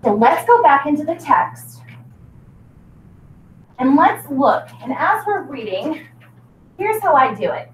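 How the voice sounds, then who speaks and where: A woman's voice: high-pitched, very animated, takes it slowly, pauses often. A woman teacher leading a reading lesson, coaxing and prompting her students in an upbeat way. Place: classroom. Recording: echoey classroom from far off.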